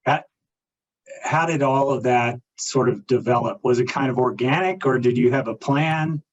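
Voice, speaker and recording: A man's voice: mid-range voice, moderate pace. A man interviewing a lawyer, asking open questions about her career. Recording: dull muffled audio with faint background noise.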